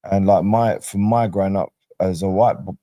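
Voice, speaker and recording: A man's voice: low voice, normal speed, dry recording. A man from Brixton with a South London accent, telling stories in a casual interview. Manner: chatty storyteller, relaxed street slang. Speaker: guest, docuseries cast member.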